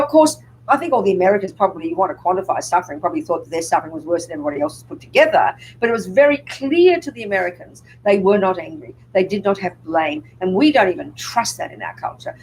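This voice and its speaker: A woman's voice: medium pitch, slight background noise, low-quality recording. An older woman, a Buddhist nun, giving a public dharma talk and pressing her audience with rhetorical questions.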